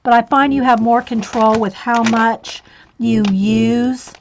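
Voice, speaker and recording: A woman's voice: on the high side, steady tone, takes it slowly, a little hiss or hum. A woman hosting a casual coloring tutorial, chatty and giggly with frequent fillers. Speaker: coloring channel host.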